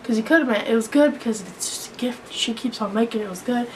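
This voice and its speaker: A high-pitched woman chats casually and giggles as she co-hosts a fan review. She sits back from the mic, and a steady hiss of noise runs under her voice. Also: fast talker. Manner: giggly, animated storytelling. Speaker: co-host of a fan review video. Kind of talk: casual chat. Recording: distant mic with clear background noise.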